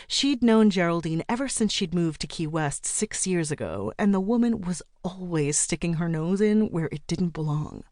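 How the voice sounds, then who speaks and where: A woman narrating an audiobook in an even, measured storytelling manner, recorded in a studio. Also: fairly low pitch, dry recording. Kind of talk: scripted narration.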